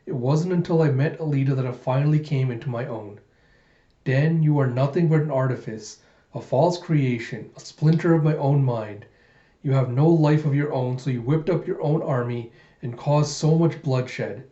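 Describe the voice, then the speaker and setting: A man reading a calm, reproachful young man. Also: medium pitch, moderate pace, close to an everyday voice. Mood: stern. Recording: echoey, dull lo-fi room.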